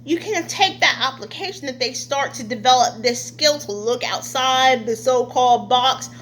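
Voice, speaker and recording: Indignant, high-voiced woman vlogger. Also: fairly bright tone, slight background noise. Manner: indignant, halting, many fillers. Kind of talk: casual opinion monologue.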